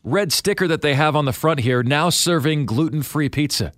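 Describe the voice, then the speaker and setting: A man's voice: fairly high pitch, normal speed, a bit bright. A radio host chats and rambles through stories, joking as he goes. He speaks with a light Southern accent in a slightly raised voice. The studio sound is close and dry, with no room echo. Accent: light Southern, radio-neutral. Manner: chatty, joking, rambling storyteller. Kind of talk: casual sports radio chat.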